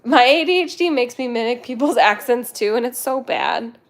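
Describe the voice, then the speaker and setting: A woman's voice: fairly high pitch, lively intonation, moderate pace. A young woman hosting a cat rescue livestream, chatting casually with viewers in a playful, giggly, rambling way.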